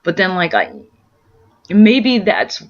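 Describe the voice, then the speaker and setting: Woman vlogger, earnest and introspective, thinks aloud in loose rambling sentences; dull lo-fi sound, middle pitch. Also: big pitch swings, slow. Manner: meandering and searching, many fillers and restarts. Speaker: vlogger sharing spiritual experiences. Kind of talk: casual rambling monologue. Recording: muffled lo-fi audio.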